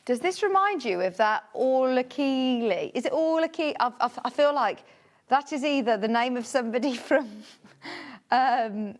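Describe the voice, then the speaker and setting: A woman hosts a live sales show from a studio, chatting warmly about fabrics and gushing over each one. Her voice sits a little high and swoops up sharply whenever something delights her. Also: expressive, moderate pace. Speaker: shopping channel presenter.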